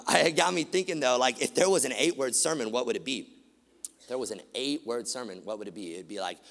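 A man preaching a sermon, animated, swinging from loud emphatic lines to quiet, hushed ones. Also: medium pitch, gravelly. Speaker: pastor. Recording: long hall reverb.

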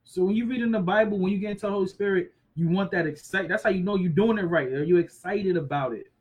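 A man in his thirties co-hosting a casual faith discussion, animated and acting out quoted voices. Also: sits high, fast, low-quality recording. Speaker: co-host.

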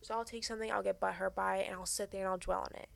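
A woman's voice: medium pitch, fairly even intonation, racing, creaky, a bit bright. A young woman hosting a podcast, giving frank, earnest advice in casual chat and swearing freely. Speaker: podcast host.

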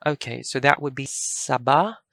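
A woman teaching a language lesson, speaking slowly and carefully and repeating each word for practice. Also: rumbling low, fairly bright tone, dry recording, clean studio sound.

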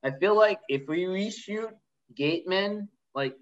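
A man's voice: sits high, unhurried, highs cut off. A man casually telling a story about directing a film, acting out what people said. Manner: animated storyteller, acts out quotes. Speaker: indie filmmaker telling a story. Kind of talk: casual podcast chat.

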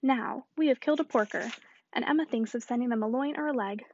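A woman reading the part of a fussy, anxious elderly gentleman who rambles fretfully. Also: fairly high pitch, quick pace, lo-fi sound, a little hiss or hum, close to an everyday voice.

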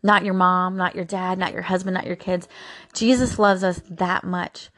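A woman's voice: lowish voice, level tone, moderate pace, fairly bright tone, no room sound. A woman hosting a daily encouragement show, talking casually and with open emotion about her faith, with frequent fillers. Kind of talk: casual devotional talk.

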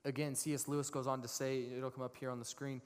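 A man in his thirties preaching a sermon to a congregation, switching into lively storytelling with voiced characters. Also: mid-range voice, fast, clear, resonant tone. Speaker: pastor. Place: church sanctuary. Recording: long reverb of a large hall.

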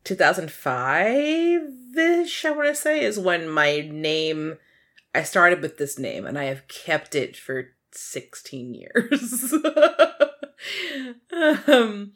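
Woman host, unhurried, lower voice, giggly rambling casual chat. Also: sing-song, a bit bright. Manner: giggly, rambling, frequent laughter and fillers. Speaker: podcast host.

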